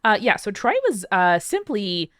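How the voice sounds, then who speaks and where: A woman who plays in the game, explaining things on a podcast in a relaxed, wry way. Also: medium pitch, unhurried, dry recording, clean studio sound. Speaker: player and co-host. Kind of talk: casual podcast chat.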